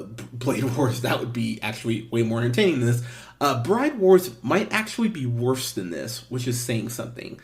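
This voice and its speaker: A man hosting a movie podcast, giving a casual, blunt review with frequent swearing and restarts. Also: medium pitch. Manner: blunt, swears, lively emphasis with fillers and restarts. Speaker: podcast host.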